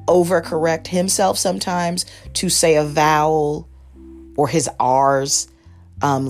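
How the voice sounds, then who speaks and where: A woman with a notably low voice talks through a TV series on her podcast, rambling and correcting herself as she goes. Faint music plays underneath. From United States. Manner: rambling, lots of fillers and self-corrections. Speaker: podcast host. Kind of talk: casual rambling review.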